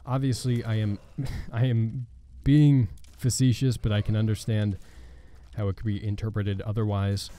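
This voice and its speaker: A man hosting a gaming channel, chatting casually and rambling with halting, sarcastic asides over gameplay. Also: lowish voice, level tone, mellow.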